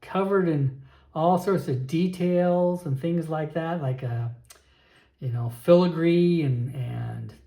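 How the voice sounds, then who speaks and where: A man narrating a solo tabletop game, thinking aloud with frequent pauses and restarts. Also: fairly high pitch, gravelly, mellow, roomy sound.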